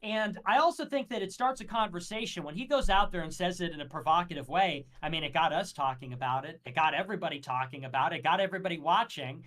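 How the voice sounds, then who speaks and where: A man talking in a heated livestream debate, making his case in a measured, lecturing, argumentative way. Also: a little high, fairly bright tone. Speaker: guest.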